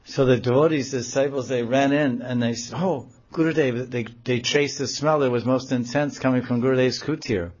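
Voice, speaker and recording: A man telling a devotional story in a sermon, animated and acting out the quotes in it, in a dull, lo-fi recording. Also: medium pitch, a little fast, hardly any pauses. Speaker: religious storyteller.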